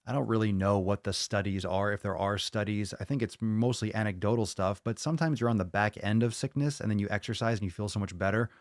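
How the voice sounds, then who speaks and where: Talking quickly with hardly any pauses, a low-voiced American man hosts a live-streamed fitness podcast in studio quality without room sound. He chats casually with viewers, cursing freely, sounding hyped, and repeating his phrases.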